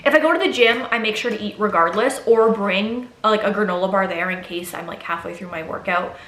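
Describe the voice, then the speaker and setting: A woman's voice: medium pitch, fairly quick, a bit bright. A young pregnant woman talking casually in a get-ready-with-me vlog, rambling with fillers and restarts. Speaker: vlogger. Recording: echoey room.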